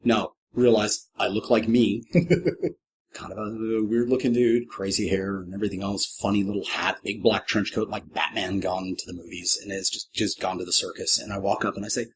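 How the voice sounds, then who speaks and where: A man's voice: moderate pace, a little hiss or hum. A middle-aged man, a professional clown, guesting on a podcast and telling a story with wry, self-deprecating humor, jumping into quoted voices. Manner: lively, acts out quoted voices with big pitch jumps. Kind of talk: animated anecdotal storytelling.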